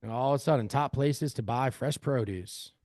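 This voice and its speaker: A man's voice: medium pitch, moderate pace, a little mellow, dry recording, clean studio sound. A man leading a live screen-share workshop, talking energetically and calling his audience family. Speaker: real estate AI trainer.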